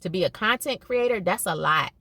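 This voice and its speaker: A woman's voice: mid-range voice, expressive, fairly quick, bright, forceful tone, no room sound. A middle-aged woman talking casually to her viewers, emphatic and conversational, often repeating herself for emphasis. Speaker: podcast host and educator. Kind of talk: casual monologue.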